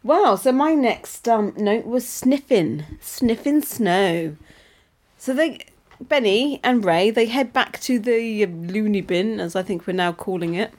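A woman's voice: medium pitch, expressive, unhurried, a little mellow. A woman, co-hosting a podcast and recapping a TV episode in chatty, giggly storytelling. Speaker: podcast co-host. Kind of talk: casual chat recapping a TV episode.

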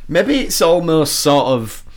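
A man's voice: a little high, very animated, slow. A man, co-hosting a casual podcast chat about a TV episode, talking it through with a laugh and quoting lines. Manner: chatty, laughs often, quotes lines from the show. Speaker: podcast co-host.

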